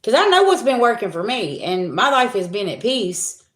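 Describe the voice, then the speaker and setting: A woman's voice: a little high, sing-song, normal speed. A woman giving a spiritual reading to her viewers in a casual monologue, blunt and profane, repeating herself for emphasis. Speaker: spiritual reader. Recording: echoey room.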